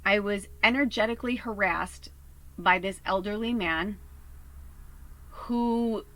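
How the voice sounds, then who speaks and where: A woman's voice: mid-range voice, slow, fairly bright tone, low-quality recording. A woman from Chicago talks straight to her viewers as a psychic medium in a casual vlog. Her telling is loose, profane and heated, full of "like" and "you know.". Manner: lots of fillers like "you know" and "like".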